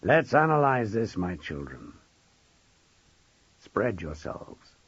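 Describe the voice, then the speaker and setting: A witty, commanding middle-aged schoolmaster voiced by a man lectures with dry, theatrical sarcasm. His pitch swings widely and his voice is husky. The recording is dull and close. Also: very animated, takes it slowly, dry recording, heavily acted. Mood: growling warmly. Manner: wry, theatrical, sardonic lecturing.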